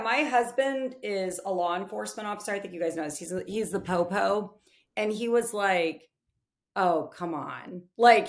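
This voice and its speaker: A woman in her thirties chatting as a podcast guest. She tells her story with animated energy and slips into acted voices for the people she quotes. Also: medium pitch. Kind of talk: casual chat.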